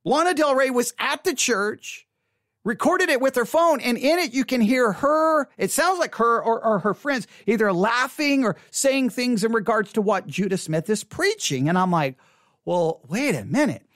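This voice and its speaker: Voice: medium pitch, lively intonation, normal speed, a bit bright, no echo, clean studio sound. A speaker giving casual spoken commentary on an album, chatty and repetitive, often retelling their own reactions. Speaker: online commentator on faith and music.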